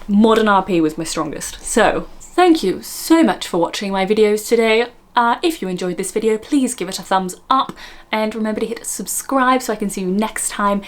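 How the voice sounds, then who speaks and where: Giggly Australian woman vlogging. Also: medium pitch. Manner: chatty, giggly, self-mocking. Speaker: vlogger host. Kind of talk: casual chat to camera.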